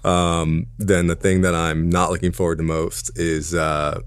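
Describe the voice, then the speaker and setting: A young man in his twenties with a very deep voice chats as a podcast guest. He rambles loosely, full of fillers and restarts. The sound is close and dry. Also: level tone, a little slow, clean tone, no echo. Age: 20s. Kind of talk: casual podcast chat.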